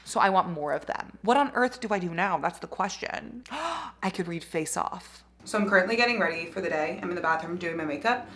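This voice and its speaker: A woman's voice: lowish voice, animated, brisk, a bit bright. Gushing young woman vlogger. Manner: gushing, swears freely, laughs often. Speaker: book vlogger. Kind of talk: casual reading vlog chat. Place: home, bathroom while doing makeup.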